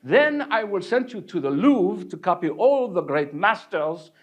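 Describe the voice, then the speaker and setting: A man voicing a snooty, scornful older male art master who lectures and yells at a young student. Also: sits high, big pitch swings, unhurried, heavily acted. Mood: lecturing. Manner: lecturing, then yelling.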